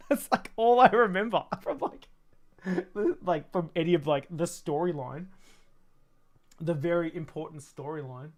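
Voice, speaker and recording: Male streamer, 30s, slightly high pitch, loose and crude, laughs a lot, off-the-cuff chat while building. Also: unhurried. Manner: rambling, crude and joking, laughs often. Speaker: streamer building a toy kit. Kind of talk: casual livestream chat.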